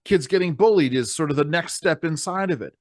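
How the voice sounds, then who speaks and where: Slightly high-voiced male podcast host. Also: fairly quick, no room sound, studio quality. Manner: sums up and steers the conversation, grows heated. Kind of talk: casual political talk.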